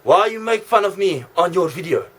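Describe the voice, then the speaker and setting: A man's voice: high voice, animated, moderate pace, a bit bright, voice pushed up. A man voicing a demanding male Russian strongman on the phone, with a put-on Russian accent and broken English. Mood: suspicious.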